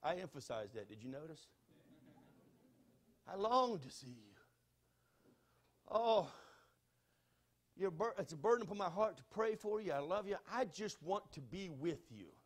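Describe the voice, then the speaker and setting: A middle-aged man with a Southern US accent, preaching a sermon as pastor. He moves between quiet pleading and loud, fervent exhortation. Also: high-pitched, very animated, moderate pace. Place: church sanctuary.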